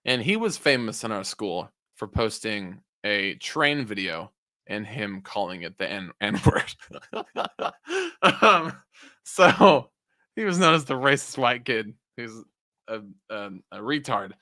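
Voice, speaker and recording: A young man chats on his podcast in a bright, forceful voice, recorded close and dry. He rambles from story to story, stumbles over his own words and swears freely. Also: fairly low pitch, very animated, takes it slowly, dry recording. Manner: rambling, self-interrupting, swears often. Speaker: podcast co-host. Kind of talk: casual chat.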